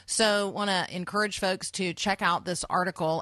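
Woman, radio host, lowish voice, dry close sound. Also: fairly even intonation, a bit bright, dry recording. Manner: friendly, quick, with restarts. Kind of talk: morning radio talk.

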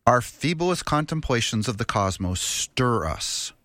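A man's voice: mid-range voice, expressive, a little slow, fairly bright tone, dry recording. A man doing a solemn, awed astronomer.

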